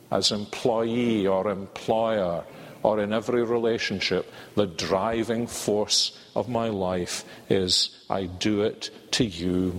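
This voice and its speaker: An older man with a Scottish accent preaching a sermon in a measured, earnest way, drawing out key words. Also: on the low side. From Scotland. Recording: reverberant hall.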